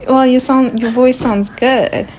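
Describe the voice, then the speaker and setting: A woman's voice: sits high, fairly even intonation, measured pace, darkish tone, slight background noise. A woman and mother hosting a playful family chat, laughing often and teasing and protesting with her daughter. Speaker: mother and channel host.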